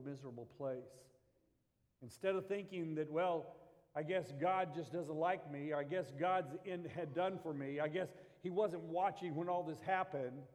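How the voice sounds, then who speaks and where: A man's voice: on the high side, a little mellow, long reverb tail. A man preaching a Sunday sermon, reading scripture and rising to impassioned pleas. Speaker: pastor.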